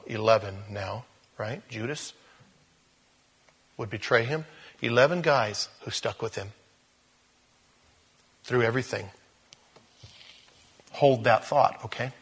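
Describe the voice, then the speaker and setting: A man preaching a sermon, animated, often repeating words and speaking straight to his listeners. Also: mid-range voice, slightly rough. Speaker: pastor.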